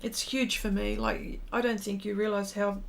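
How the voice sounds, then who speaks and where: A woman hosting an art livestream, chatting warmly and casually with viewers while she draws, with plenty of ums and heartfelt asides. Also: mid-range voice, little pitch movement, normal speed, gravelly, a little hiss or hum. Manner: chatty and heartfelt, many ums, reads out chat comments.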